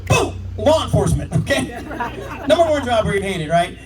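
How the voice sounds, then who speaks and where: A man on a comedy club stage with a fairly high voice tells brash, profane stories at a quick clip. He is picked up from a distance, and loud crowd laughter rolls in around his lines. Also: sing-song. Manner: brash, profane, fast storytelling punctuated by laughs. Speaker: stand-up comedian, police officer. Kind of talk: stand-up comedy. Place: comedy club stage before a live audience.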